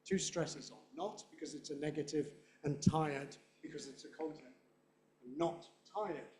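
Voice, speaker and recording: A man's voice: on the high side, fairly even intonation, normal speed, darkish tone. A man giving a conference lecture, explaining points and saying example phrases aloud to demonstrate them. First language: English. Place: lecture room. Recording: echoey lecture room.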